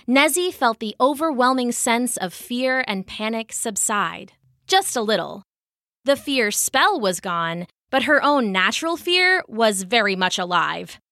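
A woman narrating a children's fantasy story in an expressive, measured way. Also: on the high side, no room sound, clean studio sound.

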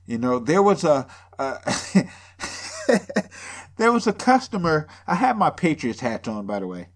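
A man's voice: on the high side, very animated, measured pace. A man from the area, rambling through a casual, profane podcast monologue full of jokes and sarcasm, sounding a bit drunk. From Boston area. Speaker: podcast host.

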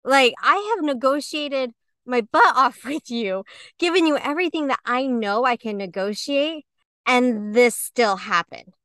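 Woman, podcast co-host, crisp bright voice, animated storytelling, close dry mic. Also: high voice, a little slow, no room sound. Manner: animated storytelling, acting out quotes. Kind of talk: candid conversational podcast talk.

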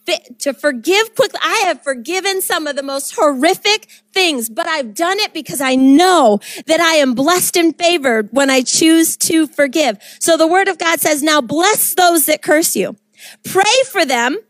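A woman's voice: high-pitched, expressive, moderate pace, hardly any pauses, dry recording. A woman minister preaching to young people in a fervent, exhorting way, mixing in stories.

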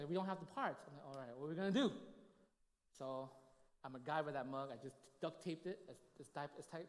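A male pastor telling a story in a sermon, animated and acting out the voices he quotes. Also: on the high side. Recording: long hall reverb.

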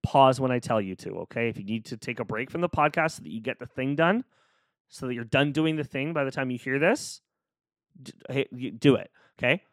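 A man's voice: mid-range voice, fairly quick, no room sound, studio quality. A man hosting a solo podcast, talking casually and cheering the listener on in a playful, upbeat way. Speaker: podcast host. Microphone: close studio microphone.

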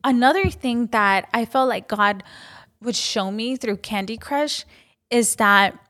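Young woman, higher pitch, earnest, encouraging, casual faith talk. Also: fairly bright tone. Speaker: Christian vlogger sharing a testimony. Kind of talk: personal faith talk to camera.

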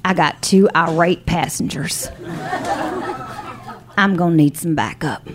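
A snappish female flight attendant who scolds in short, clipped lines, as a woman storyteller puts her on. The voice dips lower than the teller's usual register and sounds cold and dismissive. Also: measured pace, crowd noise, noisy background. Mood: curt stern. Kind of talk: live storytelling.

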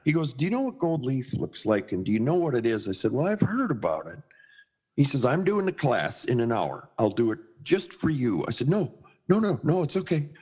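In a brisk, medium-pitched voice that's slightly rough, a Minnesota sign painter of middle age tells a story conversationally. He brings his anecdote to life by imitating the voices in it.

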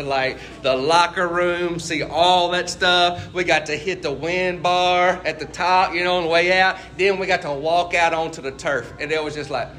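A man's voice: on the high side, sharp tone, slight background noise. A man preaching a casual, conversational sermon and asking his listeners questions as he goes. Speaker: pastor.

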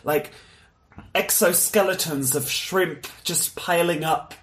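A young man from Mexico chatting casually as a podcast co-host, animated and laughing often. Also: a little high, takes it slowly, a little hiss or hum. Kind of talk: casual chat.

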